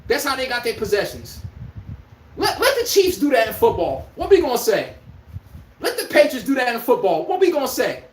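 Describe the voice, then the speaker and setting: A man's voice: extremely high pitch, huge pitch swings, a little fast. A man hosting a podcast, delivering a heated, profane sports rant with an incredulous tone. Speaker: podcast host. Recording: echoey room.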